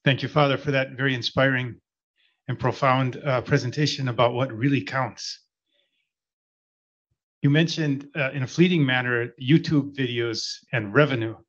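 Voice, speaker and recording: Male moderator, courteous question after a keynote, mid-pitched, dull recording. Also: steady tone, normal speed. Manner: polite, with some hesitations. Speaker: conference moderator. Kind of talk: posing a question after a talk.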